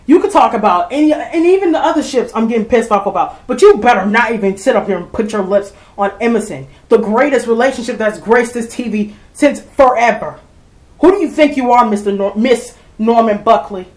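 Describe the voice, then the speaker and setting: A woman's voice: a little high, expressive, brisk, darkish tone, reverberant, rough recording. A woman ranting heatedly to her viewers, swearing and repeating herself as she vents. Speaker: vlogger. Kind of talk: angry rant to camera.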